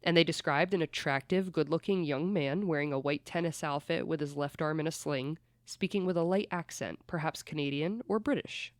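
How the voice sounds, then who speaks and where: Podcast host, mid-pitched, chatty true-crime storyteller who swears freely; dry, close recording. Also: a little fast, few pauses, no echo.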